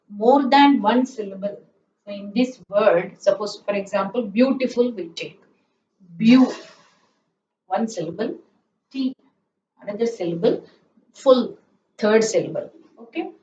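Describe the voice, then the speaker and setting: A woman's voice: medium pitch, a little mellow. A woman teaching a grammar lesson, spelling out letters and drilling word forms. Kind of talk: slow classroom-style grammar lesson. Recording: echoey room, distant mic, dull sound, faint hiss.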